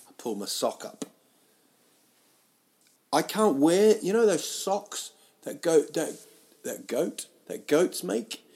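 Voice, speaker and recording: A man rambling through a comic monologue, mocking himself and jumping into loud, silly voices. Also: on the high side, big pitch swings, slow pace, pauses often. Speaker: comedian doing a solo audio show.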